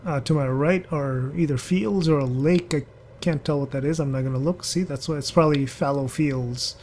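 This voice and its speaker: A man's voice: a little high, moderate pace, a little mellow, a little hiss or hum. A man giving rambling, chatty commentary over a driving game, talking to other drivers as he goes. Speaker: gaming channel host. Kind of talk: casual gameplay commentary.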